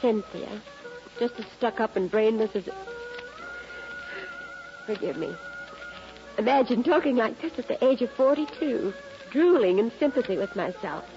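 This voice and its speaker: A woman's voice: a little high, lively intonation, a little slow, long pauses, dark tone. An actress playing a bashful, self-pitying woman in her forties who has been crying, in a 1940s radio drama. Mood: mournful. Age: 40s. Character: tearful bashful middle-aged wife at reunion. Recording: dull old radio recording with music and crowd.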